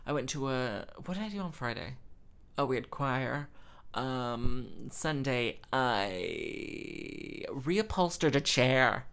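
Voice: medium pitch, lively intonation, slow, vocal fry, a bit bright, clean tone. A young adult host, from the Midlands, chatting casually in a rambling, self-mocking way full of fillers. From English Midlands. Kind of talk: casual chat.

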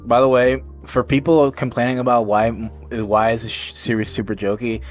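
A man with a mid-pitched voice talks excitedly on a casual podcast, stumbling and restarting often. Faint music plays behind him. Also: moderate pace. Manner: excitable, stammering. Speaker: podcast co-host. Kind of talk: casual chat.

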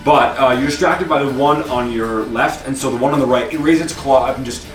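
Guy dm-ing a tabletop game, chill, lots of ums, echoey room, far mic, music behind. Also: medium pitch. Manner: casual, halting, many fillers. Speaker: game master.

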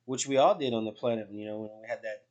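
A man's voice: on the low side, quick pace, a little mellow, highs cut off. Rambling middle-aged man hosting a podcast. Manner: rambling, loose, swears freely. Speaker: podcast host. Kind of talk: casual podcast chat.

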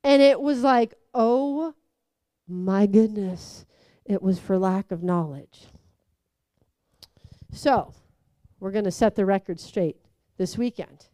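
A woman giving a conversational sermon, telling stories with lively acted-out quotes. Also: mid-range voice, a little slow, long pauses, no echo. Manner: animated storytelling, acts out quotes. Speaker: preacher.

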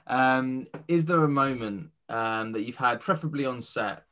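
A man hosts a podcast interview at a middling pitch. He asks questions in a friendly way, with ums and pauses as he thinks. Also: a bit bright. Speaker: podcast host.

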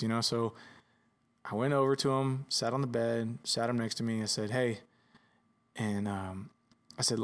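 A man chatting casually on a podcast about fatherhood. He tells stories loosely, acting out little bits of dialogue and dropping the odd swear word, in an easy voice of middle pitch. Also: normal speed. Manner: relaxed storyteller, swears casually, acts out dialogue. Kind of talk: casual chat.

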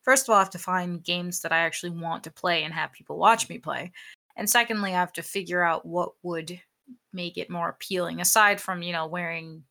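A young woman in casual chat, talking about streaming with clear diction and animated, exasperated rants. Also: fairly low pitch, brisk. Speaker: aspiring streamer.

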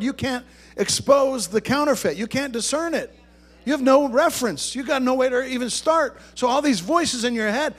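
A man preaching a sermon to a congregation, talking conversationally, joking with the listeners, and rising to emphatic bursts. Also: high voice. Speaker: pastor.

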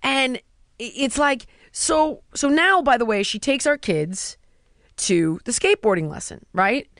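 A woman's voice: a little high, animated, unhurried, fairly bright tone, no echo, studio quality. A woman, telling stories in a casual chat and mimicking the voices of other people.

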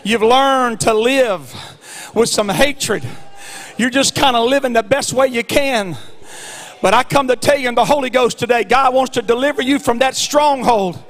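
A man preaching a sermon as pastor, swinging between soft lines and fervent shouts, drawing key words out. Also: extremely high pitch. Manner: stretches key words out slowly. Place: church sanctuary.

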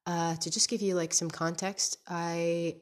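A woman's voice: lowish voice, little pitch movement, measured pace. A young woman in her twenties, English not her first language, with a stuffy nose from crying, talking candidly in a rambling podcast-style video diary and searching for words. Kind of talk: casual confessional video diary.

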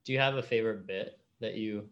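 Podcast host guy, regular voice, quick encouraging replies, laughs easy. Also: fairly low pitch, fairly bright tone, lo-fi sound, slight background noise. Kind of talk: casual interview chat.

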